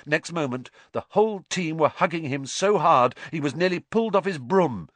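A man reading a story aloud as an audiobook narrator, in a lively, dramatic storytelling manner. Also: fairly high pitch, normal speed, dry recording.

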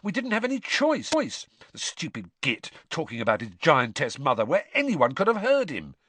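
An indignant teenage boy, as a male reader puts him on, pitched well up and squeaking with exasperation. The storybook voice leaps around, dry and close. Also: wildly swooping pitch, normal speed, fairly bright tone, breathy edge, no room sound, heavily acted.

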